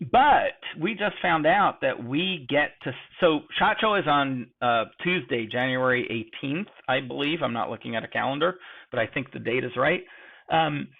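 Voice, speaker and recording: A man's voice: medium pitch, gravelly, narrow, tinny audio. A man co-hosting a podcast, chatting casually late at night, rambling and joking with lots of fillers. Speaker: podcast co-host.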